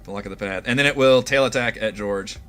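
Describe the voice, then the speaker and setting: A man running a tabletop game as dungeon master, easygoing and quick to laugh. His voice sits fairly low but has a bright, forward edge. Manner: relaxed, laughing often.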